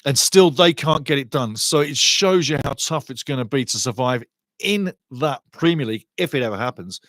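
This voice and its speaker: A middle-aged man hosting a live match watchalong, commentating on play and chatting with viewers in a lively, excitable way. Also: normal speed, no echo, studio quality. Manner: excitable, chatty, rises in pitch and volume on attacking play. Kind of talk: live fan commentary with chat reading.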